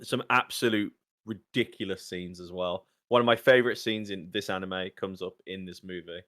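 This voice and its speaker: A man's voice: deep voice, moderate pace. Sweary English guy chatting. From England. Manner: animated and sweary, laughs while ranting. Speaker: podcast co-host. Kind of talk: casual chat.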